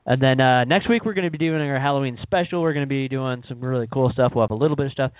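A man's voice: mid-range voice, quick pace, no room sound. Man hosting a podcast, tinny sound. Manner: animated, rambling, self-interrupting. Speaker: podcast host. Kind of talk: casual chat. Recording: tinny phone-like dry recording.

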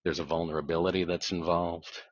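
A man working as a divorce mediator, talking thoughtfully in a podcast interview, with a measured delivery that repeats words as he restarts. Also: low-pitched, little pitch movement, no echo. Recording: dull lo-fi dry sound.

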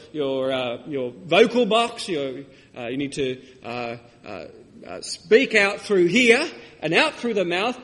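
High-pitched guy preaching in church, long reverb, keeps asking the congregation stuff. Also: fairly bright tone. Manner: teaching, asks the congregation questions. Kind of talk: sermon.

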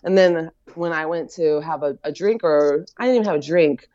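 An American woman tells a winding personal story over a video call, with a fairly low voice. She talks casually, jumping into the voices of people she quotes. The sound is dry and a little dull. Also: moderate pace, no room sound. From United States. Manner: animated storyteller, acts out quoted voices, many fillers and laughs. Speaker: guest, fiber artist.

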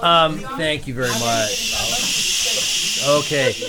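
A man's voice: on the high side, takes it slowly. A man co-hosting a live podcast show, upbeat and rambling with many fillers. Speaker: podcast co-host. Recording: live room with crowd noise.

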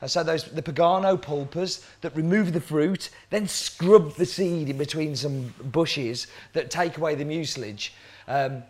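A man's voice: a little high, measured pace, darkish tone. A man working as a coffee roaster, explaining cupping scores and roasting, talking through questions aloud as he goes.

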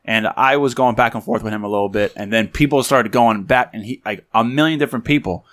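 A man co-hosting a casual podcast, chatting in a relaxed, filler-heavy way. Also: fairly low pitch, fast talker. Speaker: podcast co-host. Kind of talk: casual chat.

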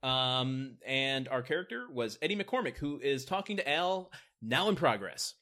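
A man's voice: medium pitch, lively intonation, normal speed, bright, forceful tone. A man co-hosting a podcast who runs the segments and laughs often in casual chat. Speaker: podcast co-host.

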